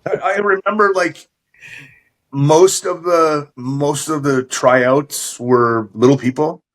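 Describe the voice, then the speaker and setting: A middle-aged man, a podcast guest, recalling his career in a relaxed, thoughtful way with small hesitations. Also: a little high, slow, low-quality recording. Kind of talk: casual interview chat.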